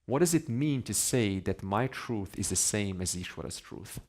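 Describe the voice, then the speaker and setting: A man's voice: on the low side, expressive, moderate pace, a little mellow. A man teaching a class on scripture, conversational, asking his students questions and laughing between points. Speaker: Vedanta teacher.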